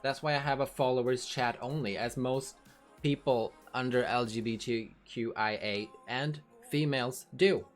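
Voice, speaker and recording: A woman's voice: extremely low pitch, moderate pace. A woman livestreamer in casual chat, talking frankly to her viewers and swearing freely, with faint music behind her.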